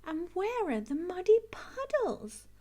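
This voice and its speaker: A woman's voice: very high voice, big pitch swings, slow, voice pushed up, heavily acted. Peppa Pig, a woman doing a cheerful little piglet girl. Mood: eager. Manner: bright, eager, childlike.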